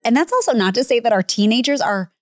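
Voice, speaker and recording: A woman in her forties hosting a parenting podcast, speaking in a warm, affirming and reflective way about raising teenagers. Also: a little high, animated, fast, no echo, clean studio sound. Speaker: podcast host and mother. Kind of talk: conversational podcast talk.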